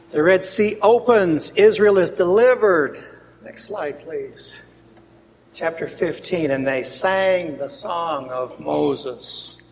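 A man preaching a sermon and reading scripture aloud, who swings between loud emphatic reading and quiet asides. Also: a little high, gravelly, breathy edge. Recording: long hall reverb.

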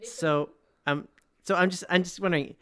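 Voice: mid-range voice, fairly even intonation, moderate pace, a bit bright, clear, resonant tone. A player in a tabletop game, speaking hesitantly and rambling. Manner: hesitant, rambling, lots of fillers.

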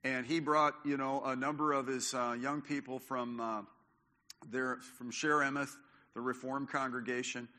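A man's voice: mid-range voice, flat delivery, moderate pace, bright, forceful tone. An older man preaching a sermon as pastor, talking in a conversational way with many fillers and restarts. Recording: long hall reverb.

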